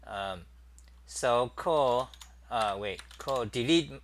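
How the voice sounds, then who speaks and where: A man's voice: mid-range voice, expressive, very slow. A middle-aged man hosting a casual live-stream chat, rambling and thinking aloud with many fillers while he types at his desk. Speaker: talk show host.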